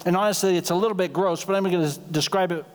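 A man's voice: high voice, steady tone. A man preaching as pastor, in a conversational sermon style that slips briefly into acted-out dialogue. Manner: conversational, acts out quick dialogue lines. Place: church sanctuary. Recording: long hall reverb.

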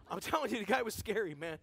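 High-voiced man telling a lively sermon story. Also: gravelly. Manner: energetic and conversational, acts out dialogue in the story. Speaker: guest speaker at a church service. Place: church sanctuary.

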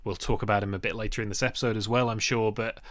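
A man's voice: on the low side, fairly even intonation, fast talker, fairly bright tone, no room sound. A man co-hosting a podcast, setting up topics with curious questions in a casual chat. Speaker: podcast co-host.

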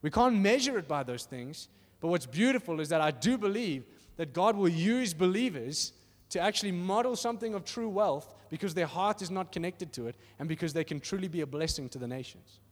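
A man preaching a sermon in a church hall in an animated, conversational way, often asking "are you with me?". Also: high voice, fairly quick, hardly any pauses. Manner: animated and conversational, acting out little voices, asks "are you with me?". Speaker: pastor. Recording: reverberant hall.

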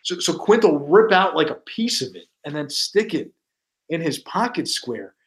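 A man with a somewhat high voice tells casual stories on a podcast. He is a broadcaster guest and slips into quoted lines from his coworkers with animated energy. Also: normal speed. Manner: animated anecdotes, acting out quoted colleagues. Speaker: guest sportscaster.

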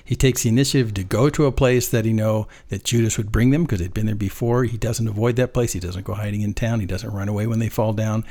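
A man in a relaxed Bible discussion, musing aloud, chuckling often and reading scripture passages. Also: fairly low pitch, fast, few pauses. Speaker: Bible study co-host.

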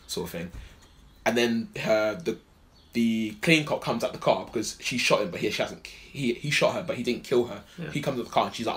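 A man's voice: mid-range voice, normal speed. Rambling, swearing man. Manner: rambling, animated, swears a lot. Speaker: podcast co-host. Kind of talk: casual film review chat.

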